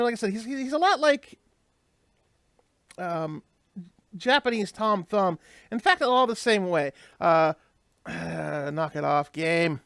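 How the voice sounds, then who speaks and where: A man's voice: high voice, fairly bright tone, clear, resonant tone, no echo, clean studio sound. A man hosting a let's play, giving casual, rambling gameplay commentary and explaining the lore as he goes. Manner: rambling, explanatory, many fillers and restarts.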